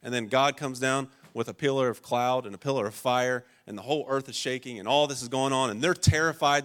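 A man preaching a sermon, telling stories with dramatic swings between loud, urgent lines and hushed, low passages. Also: brisk, hardly any pauses.

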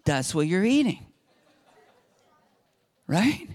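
A man's voice: high-pitched, sing-song, extremely slow, darkish tone, a faint crowd. A middle-aged man preaching a sermon as pastor, acting out Bible dialogue with rising intensity.

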